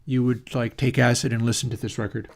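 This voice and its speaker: A man talks a little fast in a medium-pitched, level voice while hosting his audio plugin channel. It's a casual, rambling chat where he thinks out loud, using fillers and self-corrections.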